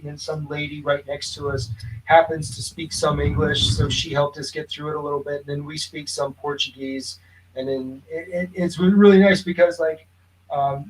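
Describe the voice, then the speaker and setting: A man's voice: on the high side, low-quality recording. A man chatting casually as a guest, telling a long rambling story with many restarts and fillers. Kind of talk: casual chat. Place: lives in a suburb of Lisbon.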